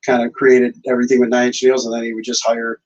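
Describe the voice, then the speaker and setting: A man hosting a podcast in casual chat, relaxed, asking questions and chiming in with short agreements. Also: mid-range voice, quick pace, muffled recording. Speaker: podcast host.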